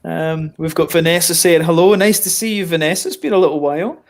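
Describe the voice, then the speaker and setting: A man's voice: on the high side, fast talker. A Scottish man hosting a live stream, chatting casually and laughing often, and swearing when riled. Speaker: host of a beer review stream.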